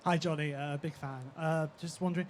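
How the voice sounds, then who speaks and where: A man's voice: a little high, fairly even intonation, a little fast, a little hiss or hum. A man in a convention audience, asking a hesitant question and leaning on fillers. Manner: hesitant, fills with "sort of".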